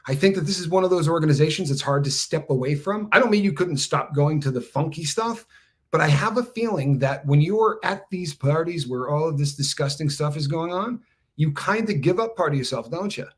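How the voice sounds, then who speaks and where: A man's voice: a little high, animated, moderate pace. Thoughtful man with a hesitant delivery. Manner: thoughtful, hesitant, many fillers. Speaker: co-host. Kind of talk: reflective live-stream commentary.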